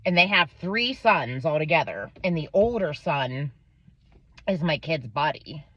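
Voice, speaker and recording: Profane, lively American mom telling a story. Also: female voice, low voice, measured pace, dry recording. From Pennsylvania, USA. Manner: profane, animated retelling with quoted voices. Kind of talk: casual storytelling vlog. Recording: dull lo-fi dry recording.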